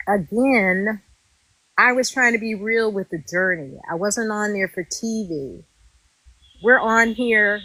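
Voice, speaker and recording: A woman, a former reality show contestant, telling her story in a casual interview, animated and indignant, acting out what others said. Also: on the high side, dry recording, low-quality recording. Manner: animated and indignant, acts out quotes.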